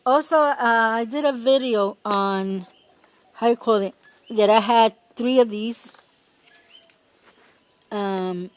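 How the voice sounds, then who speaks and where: A woman talking her way through a casual garden vlog outdoors, chatty and rambling, laughing often and pausing to search for words. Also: on the high side. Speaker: home gardener.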